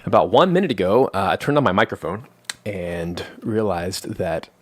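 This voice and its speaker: A man hosts a casual live stream from his home studio while fighting a cold. His voice sits a little low, and he talks in a rambling, self-deprecating way. The vocal mic gives a dry, close sound with no room echo. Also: animated, moderate pace. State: has a cold. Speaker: live stream host and composer. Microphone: studio vocal mic through a manual analog mixer.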